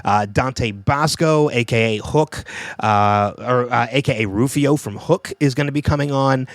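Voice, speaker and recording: Man, podcast host, casual rambling chat, mid pitch, dry close sound. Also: measured pace, dry recording. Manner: relaxed, rambling promo with fillers.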